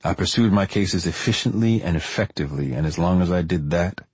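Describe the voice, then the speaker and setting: A man giving measured, deliberate first-person audiobook narration in a dry storytelling manner. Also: low voice, a little mellow, breathy edge, dry recording.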